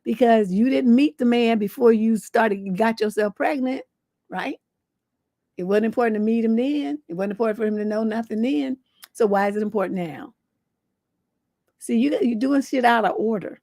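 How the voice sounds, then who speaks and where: A woman's voice: a little high, moderate pace, dark tone, no room sound. A woman relationship coach on a livestream advice show, giving blunt, scolding advice with rhetorical questions and salty language.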